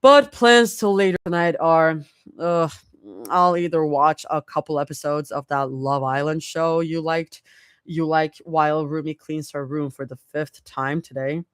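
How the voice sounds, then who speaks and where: Woman doing a flat, blunt young woman. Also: deep voice, unhurried, clean tone, dry recording, studio quality. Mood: deadpan. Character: flat, dry-humored young woman driver.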